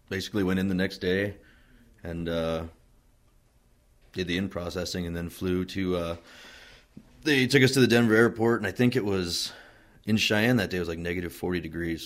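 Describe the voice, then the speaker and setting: A man from Wyoming, a Marine veteran being interviewed, telling his story in a relaxed, rambling way with many fillers and restarts. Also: low-pitched. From Wyoming, USA. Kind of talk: casual oral-history storytelling.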